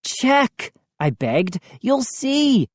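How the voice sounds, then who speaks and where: A woman's voice: on the high side, big pitch swings, very slow, darkish tone, no echo, voice pushed up, full character voice. A woman voicing a frightened young boy who insists and pleads to be believed. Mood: pleading.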